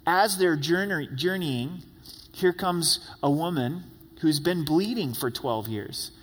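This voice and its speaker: Male pastor, earnest sermon delivery, slightly high voice, long hall reverb. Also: a bit bright. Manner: earnest, acts out quoted prayers and pleas.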